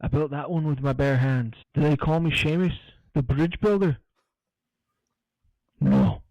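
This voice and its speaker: A man's voice: fairly high pitch, measured pace, darkish tone, no echo, highs cut off, natural voice. A man voicing a drunk, boastful man at a bar in a joke, in his own plain voice. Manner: joke-telling, plain voice without accent.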